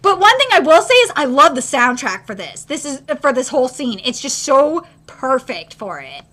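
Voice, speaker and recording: At a moderate pace, an excitable young woman gives a live reaction to an anime episode. She swears liberally, and her voice bounces between loud squeals and low grumbles.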